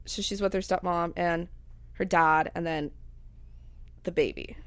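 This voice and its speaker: A woman's voice: on the low side, fairly even intonation, unhurried, clear, resonant tone, no echo. A woman casually chatting while watching a movie, patiently explaining the plot with frequent laughs. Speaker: movie watch-along co-host. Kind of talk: casual chat.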